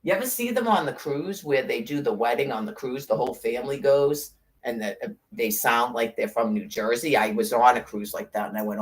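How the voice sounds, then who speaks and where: A woman's voice: a bass voice, a little fast, hardly any pauses. A middle-aged woman in casual chat, rambling, blunt and profane, with sarcastic asides. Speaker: podcast host.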